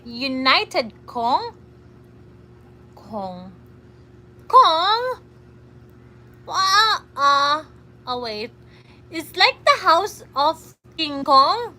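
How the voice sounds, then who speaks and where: Filipino woman livestreamer, high-pitched and slow-spoken, chatty and giggly. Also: sharp tone. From Philippines. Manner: giggly, chatty, reads comments aloud. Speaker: livestreamer reading chat. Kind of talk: casual livestream chat.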